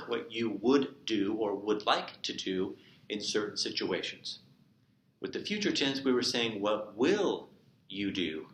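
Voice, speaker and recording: A man teaching a recorded remote Spanish lesson, explaining verb endings and repeating each example slowly. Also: fairly low pitch, a bit bright. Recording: echoey room with faint noise.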